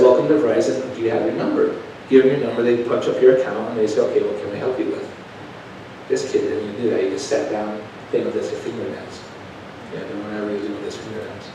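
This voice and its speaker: A man preaching to his church, spinning a folksy story that swells from hushed asides to loud, emphatic telling. His mid-pitched voice sits at a distance from the mic, with a faint hiss under it. The sound is very roomy, ringing around the sanctuary. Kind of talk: storytelling sermon. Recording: echoey church room heard from a distance.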